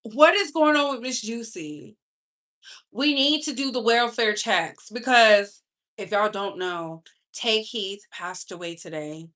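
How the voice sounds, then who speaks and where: A bright, sharp-toned woman talks celebrity gossip with a sassy, chatty delivery. Her voice sits a little high, and her carries the talk. She drags some words out slowly and rushes others. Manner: chatty, sassy, speeds up and slows down for emphasis. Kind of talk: casual live-stream chat.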